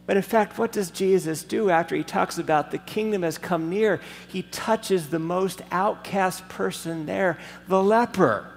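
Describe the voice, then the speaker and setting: A man preaching a sermon, emphatic and deliberate, telling a story to make his point. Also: high voice, gravelly, soft background music. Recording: long hall reverb, faint background noise.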